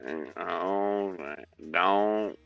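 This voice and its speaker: A man's voice: low voice, fairly even intonation, extremely slow, creaky, no room sound, highs cut off, faint music behind. A man streaming a game, chatting crudely and joking around, breaking into song. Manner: crude, joking, bursts into singing along. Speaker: gaming streamer. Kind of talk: casual stream chat.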